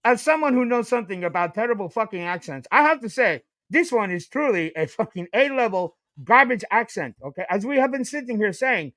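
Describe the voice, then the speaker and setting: A man co-hosting a reaction show, giving animated, mocking and profane casual commentary. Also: high-pitched, a little fast, few pauses, no room sound.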